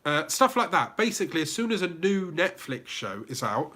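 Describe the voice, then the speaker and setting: A man's voice: a little high, sing-song, moderate pace, sharp tone. A man with a British accent hosting a YouTube livestream Q&A, reading out viewers' comments and greeting them by name in a chatty way. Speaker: YouTube channel host.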